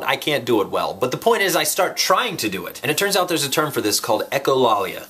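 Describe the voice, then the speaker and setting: A man tells a funny story from his own life in a playful, deadpan way. He piles on wild exaggerations without breaking his steady, middle-pitched delivery. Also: quick pace, few pauses, slightly rough. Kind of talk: comic personal storytelling.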